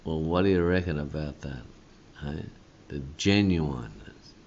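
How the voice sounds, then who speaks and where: A male pastor preaching a sermon, slow and emphatic, often tagging on a questioning "hey?". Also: very deep voice, a little mellow, slight background noise. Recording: dull lo-fi sound.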